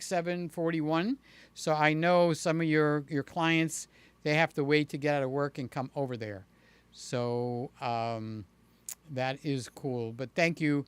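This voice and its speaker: A man's voice: clear, resonant tone, dry recording. A man hosting a casual livestream, reading viewers' chat aloud and talking back to them by name, with a playful streak. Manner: slow, chatty, talks to viewers by name; breaks into a high playful voice to entertain a child.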